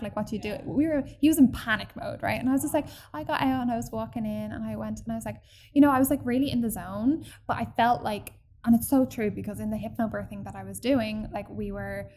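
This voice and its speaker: Woman, fairly high voice, chatty, animated storyteller, casual podcast. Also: slight background noise. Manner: chatty and animated, acts out quoted people, many fillers.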